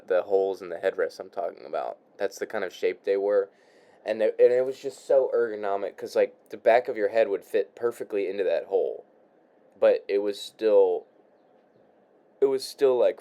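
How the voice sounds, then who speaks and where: A young man talks off the cuff in his room, his voice low and mellow. He trips over his own words, repeats himself and sighs, dropping in casual swears as he goes. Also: clean tone. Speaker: vlogger. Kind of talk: rambling casual monologue while crafting.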